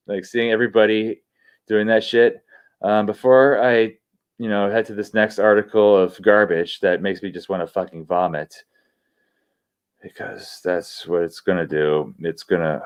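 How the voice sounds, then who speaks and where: A man hosting a livestream, swearing constantly as he rants excitedly and reads out viewer shout-outs. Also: lowish voice. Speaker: livestream host. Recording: dull lo-fi stream audio.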